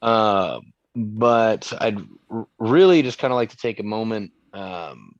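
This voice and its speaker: A man's voice: fairly low pitch, animated, takes it slowly, dry recording, muffled recording. A young man co-hosting a podcast, chatting casually and rambling through stories with many restarts. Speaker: podcast co-host. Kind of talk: casual chat.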